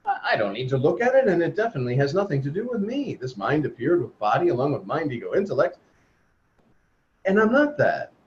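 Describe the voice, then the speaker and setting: Lively, earnest man leading a spiritual talk over a dull-sounding video call. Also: fairly high pitch, a little fast. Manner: earnest, repetitive emphatic phrasing. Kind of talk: spiritual group discussion. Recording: muffled video-call audio.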